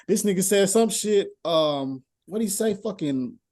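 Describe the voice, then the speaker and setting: A young man, a podcast guest, telling animated stories in casual chat and swearing often. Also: sits high, moderate pace. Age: young adult.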